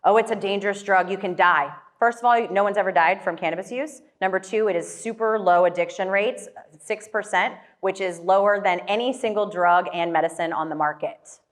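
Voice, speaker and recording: A woman's voice: mid-range voice, fairly quick. A woman motivational speaker telling a personal story to an audience in a casual way, with many fillers and questions thrown to the crowd.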